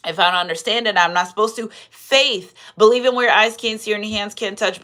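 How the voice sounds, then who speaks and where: Tarot lady doing a live reading, kinda high voice, preachy, says things twice. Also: fairly bright tone. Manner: preachy, repeats phrases, quotes scripture. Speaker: tarot reader. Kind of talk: live tarot reading with scripture and shout-outs.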